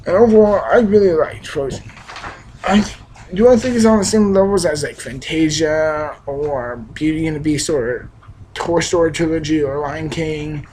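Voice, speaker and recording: A man's voice: fairly high pitch, normal speed, a little mellow, slight background noise, rough recording. A young man giving a casual, rambling film review, with frequent restarts, fillers and emphatic bursts. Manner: enthusiastic, emphatic. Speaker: movie reviewer.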